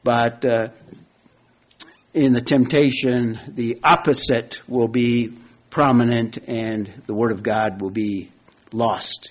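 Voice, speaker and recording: Male preacher, mid-pitched, unhurried, deliberate teaching sermon with repeated phrases. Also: steady tone. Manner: slow, deliberate, repeats key phrases, asks the audience questions. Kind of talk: expository sermon.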